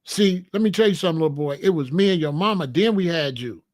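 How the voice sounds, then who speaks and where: Stern father figure lecturing his boy, slow and firm, as a man puts him on. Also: on the high side, lively intonation, a little mellow, natural voice.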